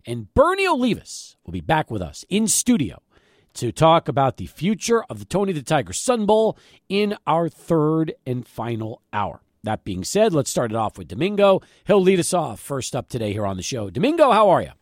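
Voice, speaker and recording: A man hosting an afternoon sports radio show, talking in an excitable, animated way from the studio. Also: on the high side, moderate pace, no room sound. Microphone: studio microphone.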